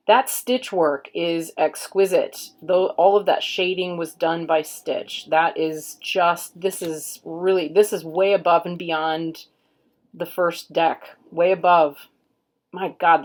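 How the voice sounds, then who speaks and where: Host read: woman, lowish voice, very slow, casual unboxing chat with quiet murmured asides. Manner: unhurried, murmurs card names aloud, admiring. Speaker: tarot reader and channel host.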